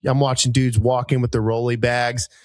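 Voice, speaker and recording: A man in his thirties, a podcast co-host telling a rambling, animated story with many fillers and jumps into high voices for people he quotes. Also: normal speed, no echo. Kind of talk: casual storytelling chat.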